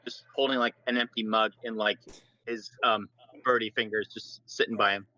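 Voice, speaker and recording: Man player, bright tone, dry close sound, a bit dull, easygoing. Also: on the low side, fairly even intonation, normal speed. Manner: easygoing, hesitant with many fillers. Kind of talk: casual tabletop role-play.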